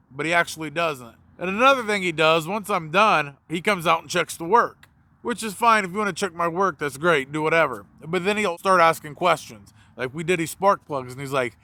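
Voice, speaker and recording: A man's voice: on the high side, a little fast, no room sound. A man, a mobile mechanic, casually telling a story about a customer and acting out both sides of the conversation. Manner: animated, acts out both sides of the dialogue.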